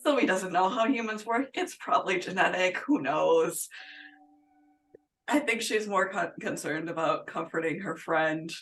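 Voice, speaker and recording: A woman player explains her character in halting, thinking-aloud chat. Her voice is slightly low and sits away from the mic. Soft music plays behind her. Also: distant mic. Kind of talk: casual chat at a game table.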